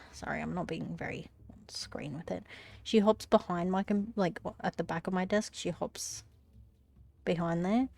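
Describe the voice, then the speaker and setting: A woman's voice: on the low side, creaky, a little mellow, no echo. A woman live-streaming while she crochets, chatting casually, swearing at her cat and often dropping to a whisper, a little phlegmy.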